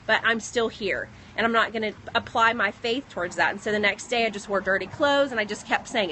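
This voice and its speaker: A pregnant woman telling a personal story in a casual vlog, recorded outdoors on a phone in the rain, animated as she retells what others said. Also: medium pitch, a little fast, few pauses, poor audio. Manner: earnest, animated retelling with quoted dialogue. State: pregnant, second trimester. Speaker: vlogger. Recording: faint outdoor noise, rain.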